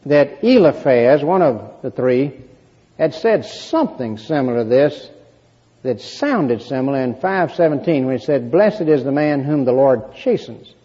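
Husky man teaching scripture in a hall. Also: a little high, warm tone. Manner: measured, explanatory, reads scripture aloud. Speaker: Bible teacher. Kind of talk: Bible lesson. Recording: muffled recording in a reverberant hall.

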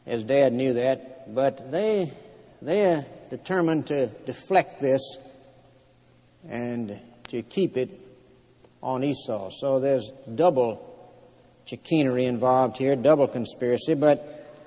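A man's voice: medium pitch, dark tone. Preacher man in a reverberant hall. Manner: plain storytelling with frequent pauses and fillers. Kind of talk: sermon retelling scripture.

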